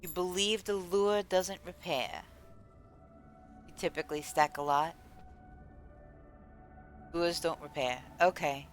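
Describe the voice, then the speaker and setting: A woman's voice: lowish voice, fairly even intonation, slow pace, long pauses, soft background music. A woman from the United States streaming a game, chatting casually and rambling as she answers her chat. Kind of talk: casual chat while gaming.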